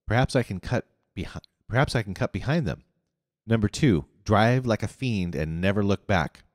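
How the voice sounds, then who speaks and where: A man's voice: fairly low pitch, lively intonation, moderate pace, dry recording, clean studio sound, big-room sound, natural voice. A man voicing a stern, protective man who gives commands in an audiobook. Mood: commanding.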